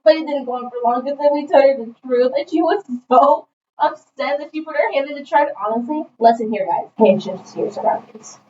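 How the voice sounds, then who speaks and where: A woman's voice: high-pitched, fairly quick, a little hiss or hum. A young woman co-hosting a podcast, telling a college prank story and speaking directly to listeners. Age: young adult. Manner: animated, talks straight to listeners as "guys". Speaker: podcast co-host. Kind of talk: casual storytelling chat. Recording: echoey room, distant mic, dull lo-fi sound.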